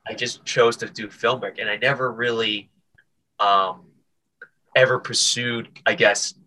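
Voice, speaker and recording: A man's voice: mid-range voice, unhurried, a little hiss or hum. A man, a comedian and podcast guest, telling stories in a casual interview, with lots of stammered restarts. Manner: animated, stammering restarts, acts out voices.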